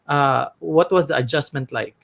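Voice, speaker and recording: A man with a Filipino accent hosting an interview, asking playful, halting questions in English and Tagalog. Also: a little high, vocal fry, fairly bright tone. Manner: playful, hesitant questions with many restarts. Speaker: talk show host.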